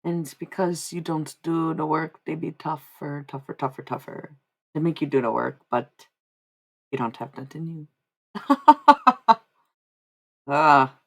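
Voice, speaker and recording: Young woman streamer, chatty and rambly, kinda gravelly low voice, swings all over in pitch. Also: lively intonation, takes it slowly, long pauses. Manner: chatty and rambling, with frequent laughs and repeated words. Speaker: livestreamer giving psychic readings. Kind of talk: casual live-stream chat.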